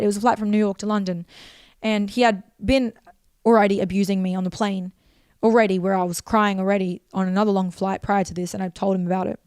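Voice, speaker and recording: Young woman, candid storytelling, very quick delivery, smooth clear voice, dry close sound. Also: medium pitch, little pitch movement, darkish tone, no room sound. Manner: rapid, emotional, swears often.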